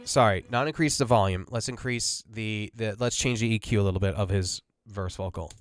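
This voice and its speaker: A man hosting a casual mixing tutorial, talking quietly through a migraine and correcting himself as he explains. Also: fairly low pitch, brisk, over loud music. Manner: rambling, self-correcting explainer. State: has a migraine, talks quietly. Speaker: audio mixing host.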